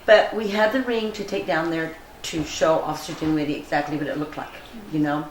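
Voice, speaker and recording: An older woman telling a personal story in an interview, earnest and animated, acting out the dialogue she quotes. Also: sits low, a little fast. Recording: roomy echo, faint ambient noise.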